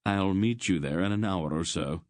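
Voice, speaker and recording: A man playing a wiry little schemer with a quick, conspiratorial tone, in a deep voice. The reading is close and dry. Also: no room sound, natural voice. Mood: sly. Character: small sly male thief and spy.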